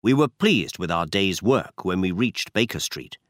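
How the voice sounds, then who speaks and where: A man narrating a story in the first person with a measured, expressive reading. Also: low-pitched, no room sound, clean studio sound. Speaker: audiobook narrator.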